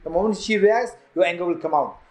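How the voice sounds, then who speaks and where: A man's voice: high-pitched, fast, a little mellow. A man giving a Buddhist teaching at a retreat, telling a story with quoted dialogue and repeating phrases for emphasis. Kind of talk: dharma talk at a retreat. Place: retreat hall. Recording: roomy hall echo.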